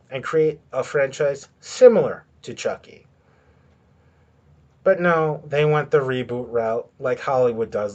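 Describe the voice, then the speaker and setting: A man hosting a podcast on his own, ranting in a rambling way with lots of swearing and filler words. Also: mid-range voice. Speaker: podcast host. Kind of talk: solo ranting commentary.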